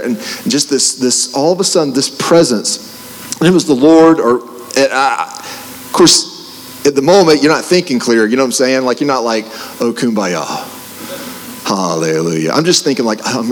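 A man preaching, telling a personal testimony in an animated way, with restarts and joking asides. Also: mid-range voice. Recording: long hall reverb.

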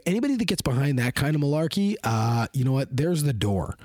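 Male podcast host, fairly high voice, dry close sound, rants loosely with lots of fillers. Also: big pitch swings, fairly quick, few pauses, darkish tone, dry recording. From Canada. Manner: rambling and heated, heavy with fillers. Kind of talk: opinionated monologue.

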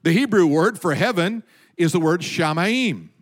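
Animated high-voiced male preacher. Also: normal speed. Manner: animated preaching, dropping to a hush for effect. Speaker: pastor. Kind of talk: sermon.

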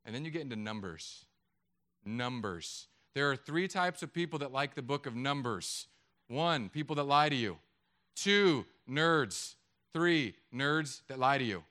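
A middle-aged man preaching a sermon, joking with the congregation in an animated way. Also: medium pitch, a little fast. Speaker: pastor.

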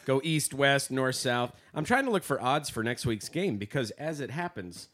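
A man's voice: medium pitch, big pitch swings, moderate pace, a bit bright. A man co-hosting a podcast, joking loosely in casual chat. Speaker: podcast co-host.

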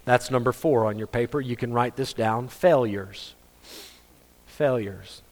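Joking pastor in an echoing hall. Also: male voice, mid-range voice, little pitch movement, brisk. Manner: conversational, joking, acts out quoted voices. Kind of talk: sermon. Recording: long reverb of a hall.

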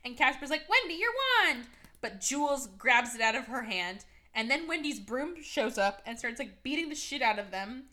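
A young woman hosting a podcast, casually recapping a movie with sarcasm, lots of fillers and quick quoted voices. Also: a little high, expressive, pushed and bright. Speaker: podcast host.

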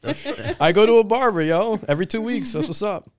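A man's voice: sits high, lively intonation, brisk, crowd noise. A man co-hosting a podcast, joking around and reading comments. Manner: joking, laughs often. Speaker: podcast co-host. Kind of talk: casual chat.

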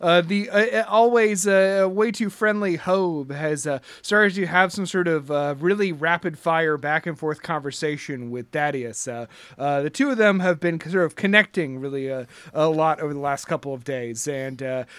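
High-voiced man running a tabletop game. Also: normal speed, few pauses, fairly bright tone, clear, resonant tone, dry recording. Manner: many filler sounds and restarts, laughs often. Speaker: game master.

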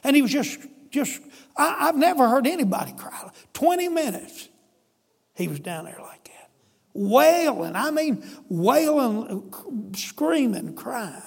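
A man's voice: extremely high pitch, very animated, takes it slowly, gravelly, breathy edge, long reverb tail. A male pastor telling a story in a folksy, emphatic sermon. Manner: folksy, emphatic, addresses listeners as brother.

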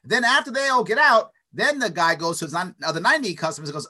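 Animated bright-voiced man tagging "right?". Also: sits high, fast talker. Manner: animated, stutters restarts, frequent "right?" tags. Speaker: interview guest. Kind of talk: opinionated conversational monologue.

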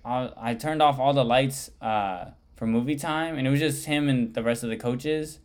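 A man's voice: medium pitch, normal speed. A young man hosting a podcast, chatting casually and telling rambling stories, swearing often and saying "like" a lot. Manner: rambling storyteller, swears often, heavy use of "like". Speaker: podcast host. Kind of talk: casual chat.

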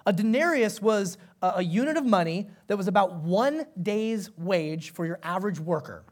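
The sermon comes from a male pastor with a high-pitched voice and a measured pace; he's animated and conversational, regularly asking the congregation questions.

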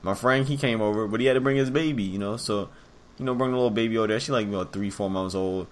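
A man's voice: on the low side, fast talker. A young man co-hosting a podcast, telling a story in laid-back slangy casual chat and swearing freely. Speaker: podcast co-host.

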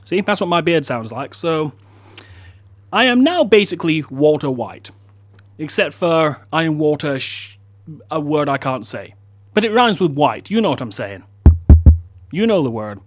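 A man's voice: a little high, expressive, measured pace, long pauses, no echo. A man hosting a comedy show, telling a story with self-mocking asides. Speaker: host. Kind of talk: comedic storytelling and news segment.

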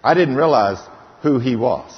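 A man's voice: medium pitch, expressive. A preacher tells his testimony from the pulpit, emphatic and dramatic. He drags scripture out word by word. The recording is dull and carries the long echo of a big hall. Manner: emphatic storytelling, slows right down on scripture. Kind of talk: sermon testimony.

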